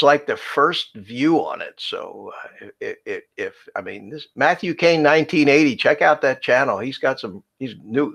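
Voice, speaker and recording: A man's voice: medium pitch, fairly bright tone, breathy edge. A man co-hosting a live drone chat stream, chatty and laughing often as he greets viewers by name.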